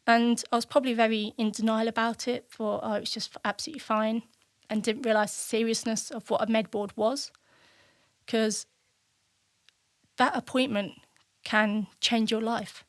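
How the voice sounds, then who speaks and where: A woman's voice: fairly high pitch, little pitch movement, moderate pace, no echo, clean studio sound. A woman in her thirties from the United Kingdom, a podcast guest telling her personal story in a candid, reflective way and acting out remembered conversations. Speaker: podcast guest, military veteran.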